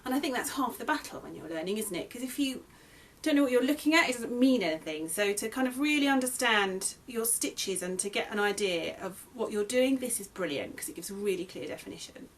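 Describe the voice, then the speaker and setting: A woman's voice: on the high side, lively intonation, brisk, hardly any pauses. Chatty English woman teaching crochet. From England. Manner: chatty, friendly, self-correcting. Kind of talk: casual tutorial.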